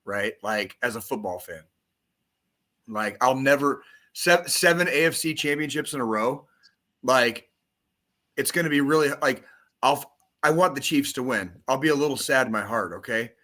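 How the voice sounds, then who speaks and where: A man co-hosting a casual podcast, ranting about football in a profane, excitable, rambling way. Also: medium pitch, normal speed. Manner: profane, excitable, rambling sports-fan rant. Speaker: podcast co-host. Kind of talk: casual chat.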